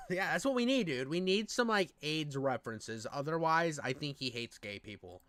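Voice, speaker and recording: A man's voice: fairly high pitch, expressive, moderate pace, fairly bright tone. A young man giving crude, joking reaction commentary as co-host. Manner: crude, joking, says dude a lot.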